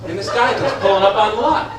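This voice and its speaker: A man performing stand-up comedy, telling a story with animated delivery and excited high-voiced quotes. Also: fast talker, a crowd in the background. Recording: echoey club room from a distance. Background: audience laughter.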